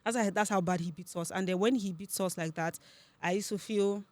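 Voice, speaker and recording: A young woman with a Nigerian accent, a podcast guest telling her story in a lively, chatty way. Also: mid-range voice, dry recording. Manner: chatty, animated storytelling with quick laughs. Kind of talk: casual interview chat.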